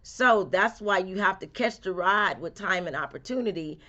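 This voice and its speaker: A woman's voice: medium pitch, lively intonation, normal speed, sharp tone, highs cut off. A woman speaking casually and directly to her viewers, repeating phrases in a folksy, encouraging way as she gives a spiritual reading. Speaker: spiritual reader. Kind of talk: casual motivational talk to camera.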